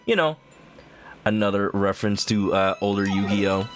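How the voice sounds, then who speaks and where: A young man streaming a game, chatting casually in a goofy, rambling way with sudden high silly yells. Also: expressive, normal speed. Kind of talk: casual gameplay commentary. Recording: game music under the voice.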